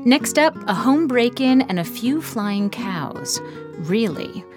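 A woman hosting a radio show, reading scripted links in a clear, composed way. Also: a little high, lively intonation, takes it slowly. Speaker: radio host. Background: guitar music.

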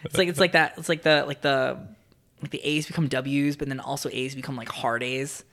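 A man's voice: medium pitch, steady tone, brisk, fairly bright tone. A young man from South New Jersey, chatting casually as a podcast guest and rambling with lots of fillers and restarts. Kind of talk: casual chat.

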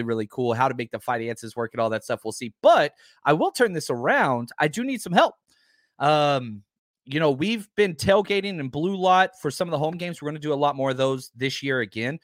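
A man hosting a casual live podcast, talking in a rambling, excitable way with lots of fillers. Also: mid-range voice, no room sound, studio quality. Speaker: podcast host.

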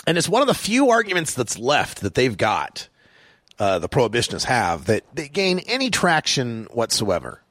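A man's voice: medium pitch, wildly swooping pitch, normal speed, fairly bright tone, dry recording. A man hosting his own talk radio show, delivering a sarcastic monologue and chuckling often. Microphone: studio microphone.

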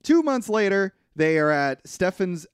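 Animated man recapping a film. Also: sits high, unhurried, clear, resonant tone, no room sound, clean studio sound. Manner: animated retelling with acted-out quotes, frequent hedging. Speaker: podcast co-host recapping a film. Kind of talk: casual chat.

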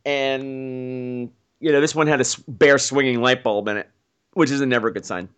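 A man hosting a podcast, telling a story excitedly and playfully mocking himself, often acting out what people said. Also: mid-range voice, moderate pace, smooth. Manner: excitable, self-mocking, acts out quotes. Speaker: podcast host. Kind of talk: animated storytelling.

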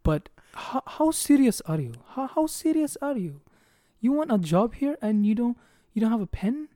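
A woman's voice: on the high side, very animated, moderate pace, warm tone, no echo, pitched above the performer's own voice. A man mimicking an impatient woman hiring manager with an Indian accent, scolding and incredulous, repeating herself. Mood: scornful.

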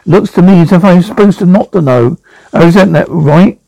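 A man voicing a conceited, excitable young man who boasts of being president of the galaxy. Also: moderate pace, gravelly, dry recording, poor audio. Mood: ranting. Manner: boastful, excitable, jumpy pitch.

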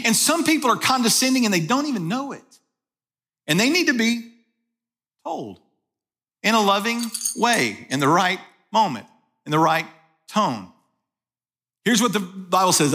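Pastor, male, high bright voice, chatty sermon delivery full of rhetorical questions. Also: sing-song, normal speed. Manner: conversational, asks rhetorical questions.

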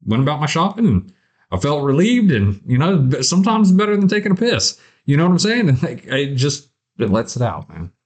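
A man's voice: a little high, sing-song, a little fast. A man hosting a podcast in casual chat, laid-back and profane, peppering his talk with "man" and "you know". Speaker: podcast host.

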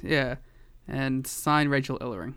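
A man's voice: mid-range voice, a little slow, a bit bright, clear, resonant tone. A man co-hosting a casual wrestling podcast, rambling with lots of fillers and frequent laughs. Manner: rambling, says "like" a lot, laughs often. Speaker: podcast co-host.

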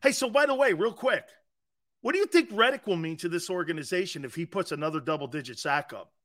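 Here a man hosts a sports talk show, rambling, swearing and talking brashly right at his listeners, frayed from short sleep. The voice sits on the high side, fast, animated and a bit bright.

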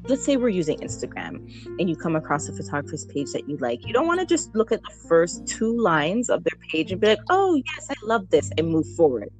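A woman's voice: low-pitched, big pitch swings, fast talker, darkish tone, soft background music. A woman newborn photographer chatting in an interview, laughing easily and acting out what people say. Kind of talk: casual interview chat.

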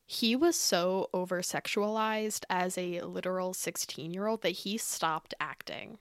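A young woman co-hosting a podcast in casual chat, talking fast with lots of filler words. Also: fairly low pitch, smooth, no echo, clean studio sound. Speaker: podcast co-host.

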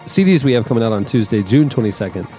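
A man's voice: medium pitch, sing-song, fast, dark tone, soft background music. A man hosting a casual podcast. He talks loosely, stumbles, restarts and laughs between segments. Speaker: podcast host.

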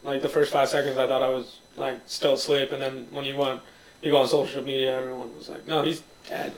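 Soft-spoken man, distant in an echoey room. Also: medium pitch, little pitch movement, fast talker. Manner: soft-spoken, explains with many fillers. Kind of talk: casual chat.

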